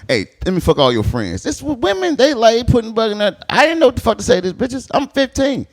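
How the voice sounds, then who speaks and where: A man's voice: very high voice, fast. A man sits in as a podcast guest and tells crude, comic stories from his life. His voice rises and falls a great deal as he acts out what people said. He laughs often through his own tales. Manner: animated, acts out quoted lines, laughs often. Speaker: podcast guest, stand-up comedian. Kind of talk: crude comedic storytelling.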